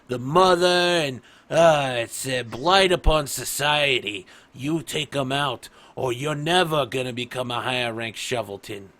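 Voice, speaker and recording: A man voicing an old male dwarf crime-family patriarch who gives gruff, menacing orders. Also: fairly high pitch, fairly bright tone, pitched above the performer's own voice.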